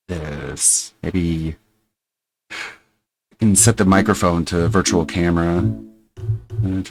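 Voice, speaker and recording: Slow, low-voiced man tinkering with audio. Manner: muttering to himself while fiddling with settings. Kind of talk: casual stream chat about audio settings.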